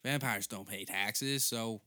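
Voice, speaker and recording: A young man delivers a rambling, foul-mouthed comedy rant with a bright, forceful edge. His voice is smooth and crisp. The sound is dry and close. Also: lowish voice, takes it slowly, no echo. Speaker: podcast host. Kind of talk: comedic monologue.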